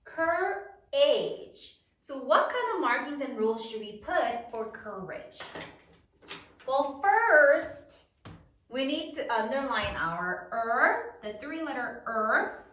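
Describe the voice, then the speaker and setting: A woman's voice: sits high, sing-song, slow, bright, forceful tone. A woman teacher leading a spelling lesson, sounding out words letter by letter in a sing-song cadence. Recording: roomy echo, voice a bit far from mic.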